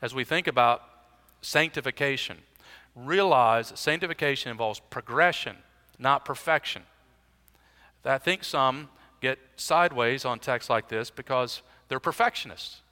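A man preaching to his congregation with a bright, forceful voice that rings through a church hall with a long tail of reverb. He teaches conversationally, breaking the flow with dry, self-deprecating asides. He speaks at a middling pitch for a man. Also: a little slow. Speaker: pastor. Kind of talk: expository sermon.

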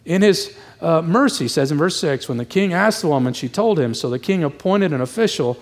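A middle-aged man preaching in a casual, emphatic way, slightly breathless as he goes. His voice sits a bit high for a man, and he slips into the voices of the people in the story as he tells it. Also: expressive, brisk. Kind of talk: expository sermon.

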